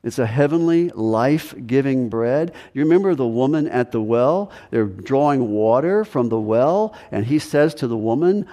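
A man's voice: mid-range voice, lively intonation, moderate pace, hardly any pauses, dark tone. A man preaching a sermon as pastor, emphatic, repeating key phrases for stress. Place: church sanctuary. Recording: echoey hall with long reverb.

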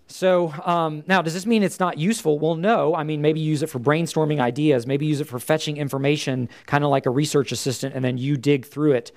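A man giving an earnest, conversational church teaching talk to a live group, with frequent fillers. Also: medium pitch.

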